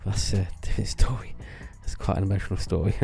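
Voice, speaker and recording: A man's voice: low-pitched, little pitch movement, a little fast, gravelly, mellow, faint music behind. A man telling rambling casual stories about his old theme park job, restarting phrases and laughing at himself. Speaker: vlogger recalling theme park work.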